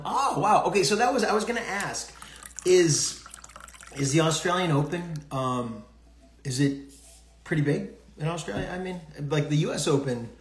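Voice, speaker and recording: A man's voice: fairly high pitch, roomy sound. A man hosting a casual early-morning live stream, rambling and laughing often from a far-off room in a hotel. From United States. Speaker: podcast host.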